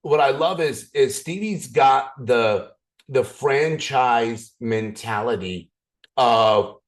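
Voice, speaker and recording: A raspy man leading a motivational training call, excitable, swinging up and down and restarting his sentences often. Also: takes it slowly. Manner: excited, repetitive, frequent restarts; swings up and down in pitch. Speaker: business opportunity trainer.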